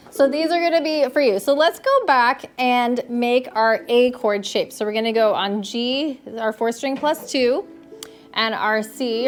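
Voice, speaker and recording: A woman with a Canadian accent teaching a group ukulele lesson, encouraging and checking in often with "okay". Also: sits high. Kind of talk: live group music lesson. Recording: loud ukulele playing behind. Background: ukulele strumming.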